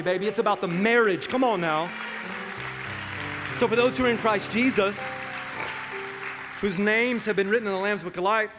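A middle-aged male pastor preaching a sermon with call-and-response asides and sudden swings from quiet to loud. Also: sits high, moderate pace, pauses often. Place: large church hall. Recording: reverberant church hall with music.

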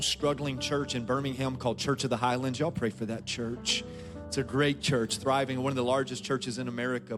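A man pastoring a church, rousing the congregation with call-outs and then telling a heartfelt personal story as he introduces a guest. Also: mid-range voice. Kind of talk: church service hosting. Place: large church auditorium.

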